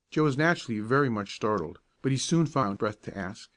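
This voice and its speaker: A man narrating a children's audiobook in a calm, even, measured bedtime reading. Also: medium pitch. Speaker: storyteller.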